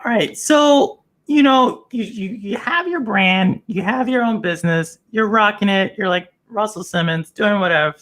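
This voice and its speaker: An upbeat man from Texas hosts a livestream chat with a bright, sharp tone. He jokes easily and talks to the viewers in his chat between questions. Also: high-pitched, moderate pace, few pauses. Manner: upbeat, joking, shouts out the chat. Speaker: podcast host.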